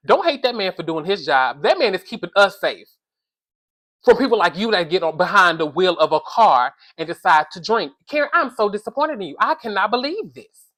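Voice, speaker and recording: A woman offers casual, comedic commentary on reality TV, animated and exasperated as she scolds in slangy language and addresses her viewers as "y'all." Her voice is mid-range and she talks a little fast.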